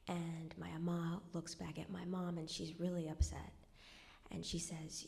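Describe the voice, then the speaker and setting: A woman's voice: lowish voice, steady tone, unhurried, creaky, dark tone. A young woman telling a true personal story live on stage at a cultural center, in a wry conversational way that drops to a near whisper at somber moments.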